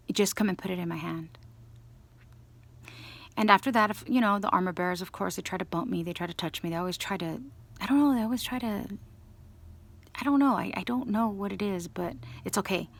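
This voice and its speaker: A woman with a gravelly, creaky voice tells a long personal story in a loose, rambling way. She acts out the lines of the people she quotes and keeps restarting and trailing off into asides. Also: mid-range voice, normal speed, long pauses. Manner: rambling, animated retelling with quoted dialogue. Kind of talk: casual storytelling monologue.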